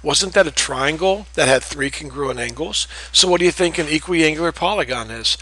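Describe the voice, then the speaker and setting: A man's voice: a little high, moderate pace, bright, forceful tone, low-quality recording. Patient man teaching geometry. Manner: patient, repeats key terms, checks in with "okay?". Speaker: math teacher. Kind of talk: recorded classroom lecture.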